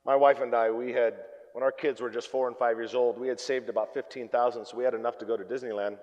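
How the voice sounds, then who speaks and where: A man preaching a sermon as pastor, telling jokey stories and swinging between loud and hushed delivery. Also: medium pitch, flat delivery, quick pace, muffled recording. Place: church hall. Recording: long reverb of a church hall.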